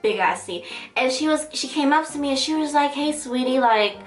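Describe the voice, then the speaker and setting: A woman's voice: echoey room, soft background music. A young woman vlogger telling a story in a casual, slangy, dramatic way. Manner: animated, slangy, dramatic retelling with quick pitch jumps.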